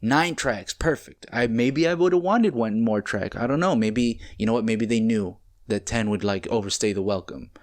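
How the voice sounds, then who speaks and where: A young man casually reacting to an album at home, rambling and excitable, swearing as he goes. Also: on the low side, moderate pace, hardly any pauses. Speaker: music reaction host. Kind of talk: casual music reaction commentary. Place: home, late at night. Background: faint music playing.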